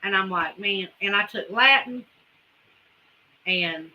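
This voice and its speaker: A woman's voice: medium pitch, slow, sharp tone, rough recording. A woman with a Southern US accent, chatting folksily with viewers as a homesteading livestream host. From Carolinas, US. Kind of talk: casual livestream chat with viewers.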